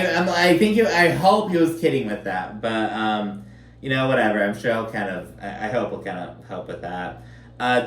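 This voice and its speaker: A man's voice: medium pitch, a bit bright. A man casually recapping a reality show, chatty and sarcastic, full of fillers and swearing. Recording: roomy echo, slightly distant mic, faint background noise.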